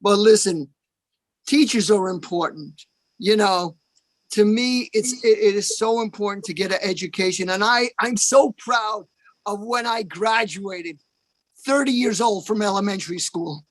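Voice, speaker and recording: Stand-up comic, male, slightly high voice, slow deadpan punchlines, dry close sound on a video call. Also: dry recording. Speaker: open mic comedian. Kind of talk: stand-up one-liners.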